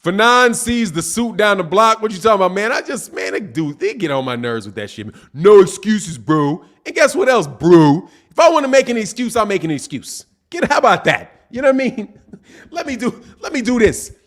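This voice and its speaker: A man's voice: high voice, very animated, a little fast, fairly bright tone. A man hosting a live boxing stream, reading chat comments and answering them in a combative, teasing way with lots of "man" and "dog". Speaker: boxing channel host.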